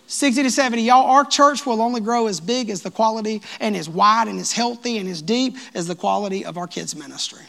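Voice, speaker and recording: A man preaching a sermon as pastor of his church, lively and joking with the congregation. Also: high voice, a little fast, vocal fry, slight background noise. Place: church sanctuary.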